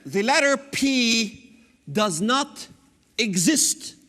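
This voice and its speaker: A middle-aged man delivers a fiery sermon in a strikingly high, lively voice, with swooping pitch. He stresses his points with sudden shouts and teasing asides. His words ring out with a long hall echo. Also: drawn-out words, a little hiss or hum. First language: Arabic. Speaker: preacher. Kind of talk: fiery sermon lecture on scripture.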